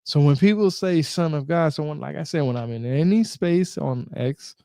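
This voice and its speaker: A man talks on a live stream in a casual, animated way, circling back and repeating his points. His voice sits a little high for a man yet sounds dark and mellow. It is recorded close and dry, with no room around it. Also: normal speed, no echo. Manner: animated, repeats himself, jokes and swears casually. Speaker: host. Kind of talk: casual live-stream talk reading from a book.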